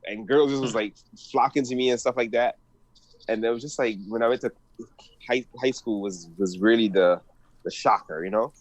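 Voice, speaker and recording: A man's voice: medium pitch, normal speed, no echo. Easygoing man recalling his past. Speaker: podcast guest. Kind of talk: casual chat.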